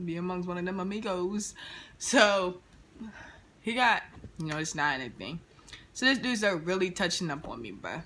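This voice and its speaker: Young woman vlogger, animated slangy storyteller, bright tone. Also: lowish voice, brisk. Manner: animated, slangy retelling with quoted dialogue. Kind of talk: casual storytime. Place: indoors near a street, car noise outside.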